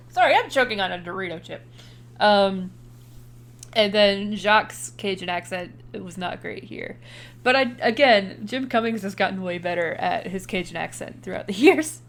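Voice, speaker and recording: A woman's voice: mid-range voice, animated, moderate pace. A young woman co-hosting a podcast, chatting casually about a movie, swearing now and then and laughing often. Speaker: podcast co-host. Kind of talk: casual chat recapping a movie.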